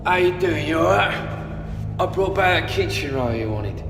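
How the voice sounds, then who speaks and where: A man putting on a Cockney hardman, muttering hushed threats. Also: fairly high pitch, lively intonation, normal speed, creaky, voice pushed up. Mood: threatening. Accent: put-on Cockney. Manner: hushed threats, sudden shouted outburst. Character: would-be hard male Cockney geezer Phil. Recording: echoey roomy stream clip with faint music.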